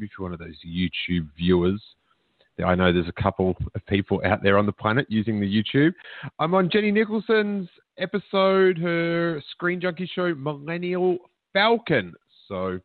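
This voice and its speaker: A chatty man hosting a podcast, telling joking stories at an easy clip. His voice comes through a thin, phone-like line with almost no room sound. He sits at a middle pitch for a man. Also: no room sound. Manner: chatty, joking, tells anecdotes. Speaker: podcast host. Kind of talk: casual chat.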